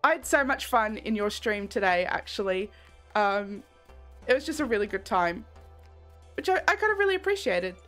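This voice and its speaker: A young woman streaming a game, chatting candidly and rambling in a soft-spoken way, laughing often. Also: mid-range voice, very animated, moderate pace, faint music behind. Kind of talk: casual live-stream chat while gaming.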